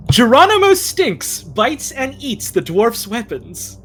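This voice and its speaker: A woman's voice: on the high side, wildly swooping pitch, extremely slow. A woman playing a text adventure game on a stream, giggly and playful, reading her turn aloud. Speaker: game player.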